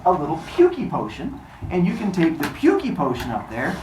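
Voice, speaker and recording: A man voicing a patient, sarcastic girlfriend who speaks dry and flat. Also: a little high, a little fast, recorded from a distance, heavy background noise. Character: patient sarcastic clever girlfriend, young woman. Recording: echoey room.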